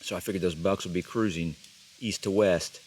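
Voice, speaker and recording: A man filming himself on a hunt from a tree stand outdoors, talking into a handheld camera with bursts of excitement and hushed explanation. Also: moderate pace, a little hiss or hum. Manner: breathless excited exclamations, then hushed low explanation. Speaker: bow hunter filming himself. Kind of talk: self-filmed hunting vlog.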